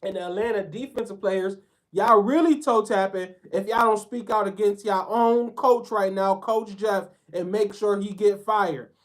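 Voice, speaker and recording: A man's voice: sits high, a little slow. A man giving a heated sports commentary rant, talking bluntly in profane slang.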